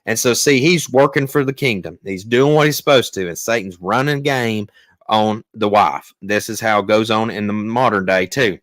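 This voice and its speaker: A man's voice: fairly low pitch, moderate pace, a bit bright, no room sound. A man hosting his own channel, reading scripture aloud and breaking off into plain, casual commentary. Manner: plain conversational delivery with fillers and restarts between readings. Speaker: channel host teaching on scripture.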